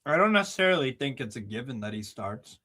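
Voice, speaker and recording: A man's voice: medium pitch, very animated, fast, pushed and bright. A man hosting a casual streamed football chat in a laid-back, easygoing way. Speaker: host.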